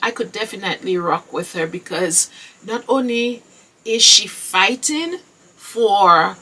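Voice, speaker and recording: Slow, husky woman podcaster. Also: mid-range voice, expressive, pushed and bright, far from the mic, low-quality recording. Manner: earnest and emphatic, with rhetorical questions and "okay?" asides. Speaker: podcast host. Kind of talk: solo podcast commentary.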